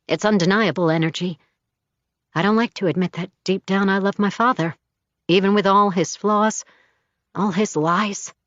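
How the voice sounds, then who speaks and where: A woman's voice: mid-range voice, no echo. Woman narrating a dull, dry audiobook. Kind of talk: first-person audiobook narration.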